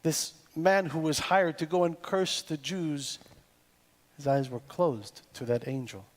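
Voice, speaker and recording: A male cantor delivers his sermon at an unhurried, measured pace, his slightly high voice carrying into the long reverb of a big sanctuary. He repeats phrases deliberately, almost like verse, and soft music sits faintly underneath. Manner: slow, deliberate delivery with poetic repetition. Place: synagogue sanctuary.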